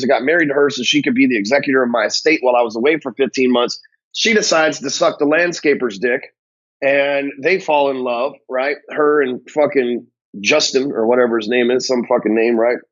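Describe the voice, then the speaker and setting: A man's voice: fairly high pitch, a bit bright, highs cut off. Blunt, foul-mouthed man. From North Texas. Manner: blunt, angry, swears constantly. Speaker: sales coach telling his story. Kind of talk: profane casual monologue.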